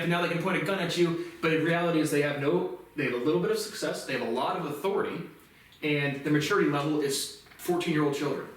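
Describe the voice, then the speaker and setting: Agitated male vlogger, profane and repetitive, recorded distant in a boomy room. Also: slight background noise. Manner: agitated, profane, repeats "literally". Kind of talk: ranting monologue to camera. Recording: echoey room, speaker far from mic.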